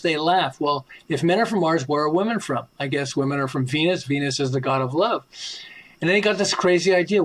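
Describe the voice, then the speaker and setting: A man, an author being interviewed, telling anecdotes in an animated way, acting out quoted dialogue and chuckling often. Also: a little high, fairly quick, poor audio. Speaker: author and podcast guest.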